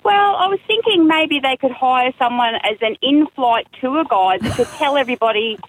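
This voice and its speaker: Breathy, high-voiced woman caller. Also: lively intonation, moderate pace, dry recording, low-quality recording. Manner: enthusiastic. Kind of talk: radio phone-in.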